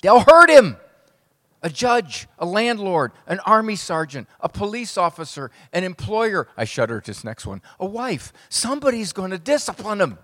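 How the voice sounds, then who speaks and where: A middle-aged man, a psychologist, giving a humorous speech to a live audience with wry, punchy, deadpan jokes. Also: sits high, moderate pace. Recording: long hall reverb.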